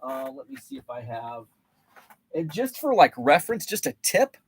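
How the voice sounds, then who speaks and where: A man's voice: medium pitch, sing-song, moderate pace, a little hiss or hum. A man hosting a casual livestream, rambling between topics and reading viewer comments aloud. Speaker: host.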